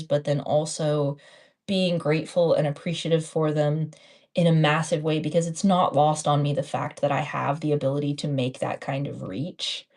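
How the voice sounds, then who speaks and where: Chatty Texan woman, mellow voice. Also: low-pitched. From Texas. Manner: chatty, playful, talks to herself and her stickers. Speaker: streamer. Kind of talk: casual live-stream chat while crafting.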